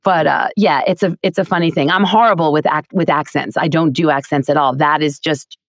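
Low-voiced gravelly woman, chatty guest. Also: a little fast. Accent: faint New York. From Queens, New York. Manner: chatty, animated storyteller, laughs often. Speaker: voice-over actor and teacher. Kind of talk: casual interview chat.

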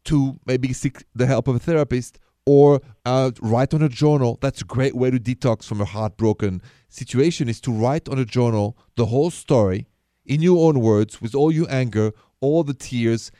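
A man hosts a call-in dating advice show on the radio, talking in a chatty, coaching way. His voice is mellow and dark, and it sounds close and dry in the studio with no room around it. He likes to repeat his main points. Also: mid-range voice, moderate pace, no echo.

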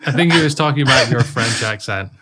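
A man's voice: mid-range voice, animated, fast talker, bright, forceful tone. A man co-hosting a podcast in casual chat, teasing his partner and putting him on the spot. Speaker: podcast co-host.

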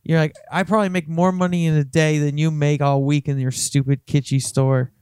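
A man's voice: on the high side, level tone, brisk, darkish tone, clean tone, no room sound. A man co-hosting a podcast, cutting into the chat with wry, mocking asides. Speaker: podcast co-host. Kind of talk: casual chat.

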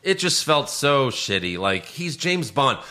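Animated ranting man, bright voice. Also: a little slow. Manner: animated ranting, swears, voice jumps high when outraged. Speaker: podcast co-host. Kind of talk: casual movie review chat.

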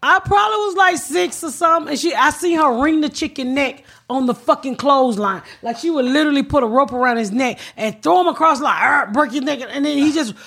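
A woman's voice: high voice, fairly quick, few pauses. A woman comedian hosting a casual chat, telling profane stories and acting out the quotes. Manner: profane, animated storyteller who acts out quotes. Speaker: comedian host.

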